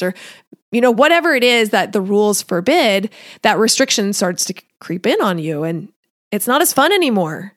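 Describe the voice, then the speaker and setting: A woman's voice: medium pitch, expressive, a little fast, dry recording, studio quality. A woman coaching on diet and nutrition in a casual solo podcast talk, conversational, often laughing lightly and acting out what her listeners might think. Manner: conversational, often acts out listeners' thoughts in quotes; laughs lightly while talking.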